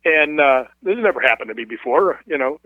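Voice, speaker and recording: A man tells a story over a thin, tinny phone line, his voice pitched a bit high. He talks in an animated way and acts out the other people's voices. The sound is dry and close. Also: brisk, no echo. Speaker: guest telling a ghost story. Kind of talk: casual storytelling.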